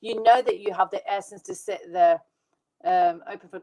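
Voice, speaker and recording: A woman working as a medium, giving live readings to viewers in an excitable, fast, reassuring way. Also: medium pitch, poor audio. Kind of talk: live online psychic reading.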